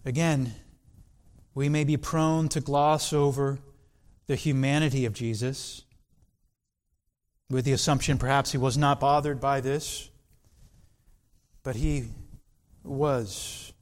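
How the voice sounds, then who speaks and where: A man preaching a sermon in an earnest, deliberate way, with dramatic pauses. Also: medium pitch, steady tone.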